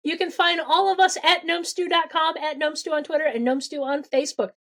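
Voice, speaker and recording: Brief: female host, high voice, brisk promo reads, relaxed chat. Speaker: podcast host. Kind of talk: casual chat and read promos.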